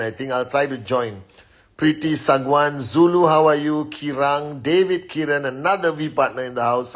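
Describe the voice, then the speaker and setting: A man's voice: medium pitch, a bit bright. A man hosting a casual phone live stream, upbeat as he rattles off names and greetings to his followers. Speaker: network marketing leader hosting a live stream. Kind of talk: casual Instagram live shout-outs.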